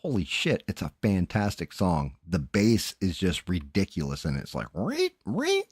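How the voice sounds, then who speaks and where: A man's voice: low-pitched, animated, moderate pace, a little mellow, breathy edge, dry recording, clean studio sound. A man hosting a live stream, chatting casually, cursing freely and often trailing off mid-sentence. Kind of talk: casual chat while painting 3D prints.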